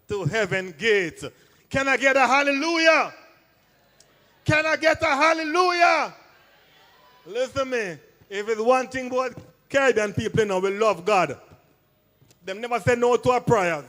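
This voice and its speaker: High-voiced Jamaican comedian in a hall. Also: male voice. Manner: loud, playful crowd work in patois. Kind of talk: stand-up comedy on stage. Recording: long hall reverb.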